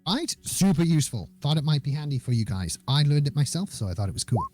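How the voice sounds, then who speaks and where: A man's voice: fairly high pitch, very animated, fast, mellow, soft background music. A man narrating as game master of a tabletop game, chatty and playful with many fillers.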